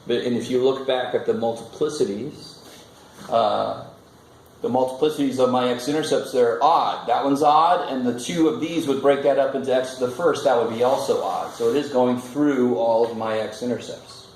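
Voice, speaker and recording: Guy teaching math in a big echoey room, kinda gravelly, jokey and casual. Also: medium pitch, normal speed, darkish tone. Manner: casual, joking, thinks aloud at the board. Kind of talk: classroom lecture. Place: classroom. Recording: echoey classroom with faint noise.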